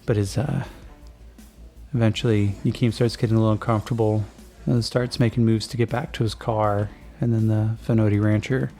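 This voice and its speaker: A man's voice: fairly low pitch, level tone, a little fast. A man narrating as game master of a tabletop game, talking in a laid-back, rambling way with many fillers. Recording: soft background music.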